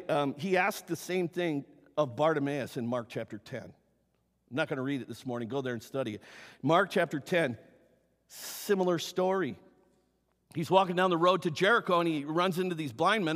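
A man's voice: sits high, moderate pace. A man preaching a sermon as pastor in a church, acting out the story's characters. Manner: animated, acts out the story's characters. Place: church sanctuary. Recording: long hall reverb.

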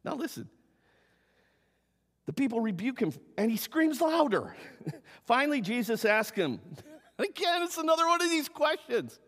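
His voice very high-pitched, this preacher is unhurried and pauses often during his sermon in a church sanctuary. He brings the story's characters to life animatedly, and a long hall reverb fills the recording.

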